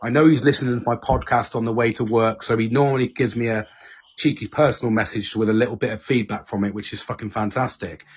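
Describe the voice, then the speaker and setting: A man's voice: medium pitch, steady tone, fast, husky. A man chatting casually as podcast host, swearing often and breaking into silly voices when quoting his friends. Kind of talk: casual chat. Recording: dull lo-fi sound.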